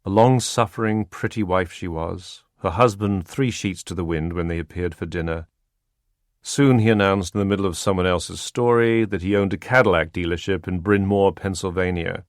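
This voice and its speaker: A man reading a wartime spy novel aloud in measured, even scripted narration. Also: low-pitched, no room sound. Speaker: audiobook narrator. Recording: dry close studio sound.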